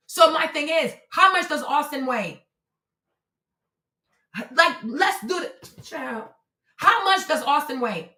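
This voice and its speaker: A woman's voice: high-pitched, bright, forceful tone, roomy sound. A woman hosting a live-stream commentary, talking bluntly and profanely as she lectures a viewer in her chat. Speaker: livestream host.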